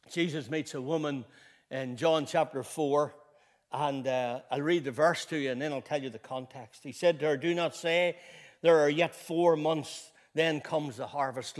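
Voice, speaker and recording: Man, pastor, sermon, higher-pitched voice, storytelling with restarts, emphatic repeated phrases, long reverb. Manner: builds to emphatic, rising preaching with repeated phrases.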